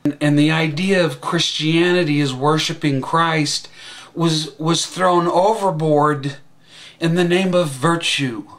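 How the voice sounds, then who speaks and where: Slow, rambling man in satirical monologue. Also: a little high, fairly even intonation, fairly bright tone. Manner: rambling and halting, with frequent restarts. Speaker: satirical commentator.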